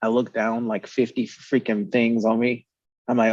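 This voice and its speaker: Brief: man, casual storyteller, lively, swears, dry lo-fi recording. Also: medium pitch, moderate pace, dry recording. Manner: animated storyteller, swears, acts out quotes. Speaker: podcast host.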